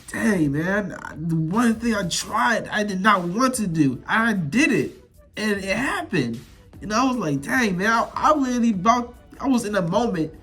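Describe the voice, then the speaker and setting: A young man telling a personal story to his viewers in a casual, animated, slang-filled way, repeating himself for emphasis. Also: high-pitched. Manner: animated, repetitive, slangy, addresses viewers directly.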